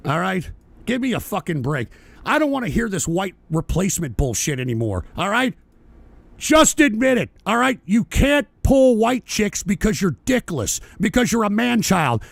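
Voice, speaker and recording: High, gravelly profane ranting man. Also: dry recording. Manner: profane, ranting, often shouting. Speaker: podcast host. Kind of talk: angry political rant on a talk show.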